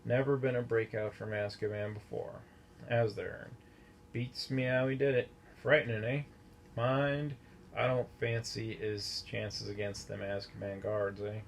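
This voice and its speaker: A man voicing a chatty, excitable young male bus conductor who gossips eagerly. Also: lowish voice, gravelly, a little hiss or hum. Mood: gossipy. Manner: gossipy, excitable, talks fast.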